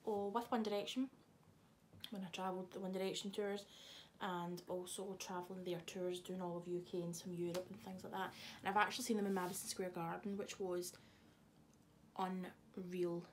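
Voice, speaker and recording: A young vlogger talks casually to the camera in a lowish voice with a flat delivery at normal speed. She swears freely and teases someone off camera. Slight background noise is audible.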